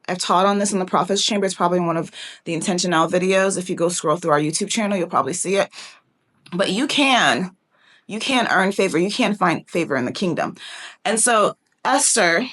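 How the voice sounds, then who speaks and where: A young woman giving a fast, chatty Bible teaching, playfully acting out the characters as she retells a story. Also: medium pitch, fairly bright tone. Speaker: prophetic teacher.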